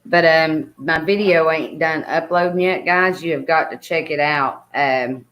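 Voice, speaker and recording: A woman with a Southern American accent chats casually on a livestream, speaking over a video call. Her voice sits low for a woman, and she rambles, filling her talk with lots of ums and likes. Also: measured pace, muffled recording. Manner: chatty, rambling with many fillers. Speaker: guest co-host on a livestream. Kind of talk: casual chat.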